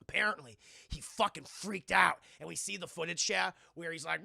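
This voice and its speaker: A man streaming a casual, profane film recap, rambling and acting out scenes in quick voices. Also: high-pitched, creaky, sharp tone, no room sound, raised voice, studio quality.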